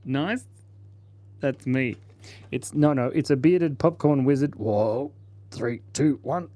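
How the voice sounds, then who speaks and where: A man's voice: medium pitch, very animated, normal speed, a little mellow, no room sound. A man hosting a casual live stream, chatting playfully and laughing while he draws and reads out viewer comments. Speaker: livestream host.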